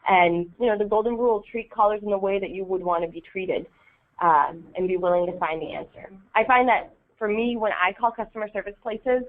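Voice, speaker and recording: A woman's voice: mid-range voice, a little fast. Woman running a volunteer training, casual, says um and right a lot, sounds like it's over a phone line. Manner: casual, many ums and rhetorical "right?". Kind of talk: training session talk. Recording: tinny phone-like audio.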